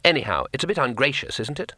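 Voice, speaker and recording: A man's voice: mid-range voice, big pitch swings, fast, pushed and bright, no room sound, full character voice. A man doing an eager, wide-eyed little tourist. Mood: mild. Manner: wide-eyed, breathless, wondering.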